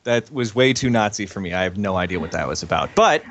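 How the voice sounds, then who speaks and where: A man's voice: fairly low pitch, lively intonation, fast, fairly bright tone, dry recording. A man from the United States chatting casually on a stream, teasing in a dry, mock-solemn way. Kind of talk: casual chat.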